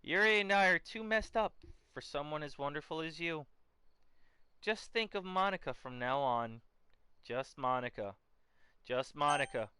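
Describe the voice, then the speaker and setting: A man reading out a timid girl's letter, pleading at first and then sinking into a flat, quiet murmur. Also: on the high side, moderate pace, clear, resonant tone, no echo, pitched below the performer's own voice. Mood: hollow. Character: timid girl sinking into a hollow whisper.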